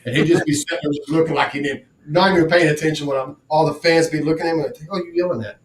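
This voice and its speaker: Casual sports podcast co-host, man, blunt and profane, slightly high voice, echoey room. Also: fast talker, background noise. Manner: profane, blunt, animated storytelling. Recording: roomy echo.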